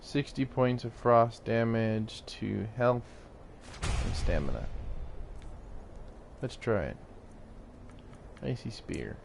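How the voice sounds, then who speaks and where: A man's voice: mid-range voice, slow pace, vocal fry, background noise. A man giving rambling, casual commentary while playing a video game, laughing often and swearing now and then. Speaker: gaming YouTuber.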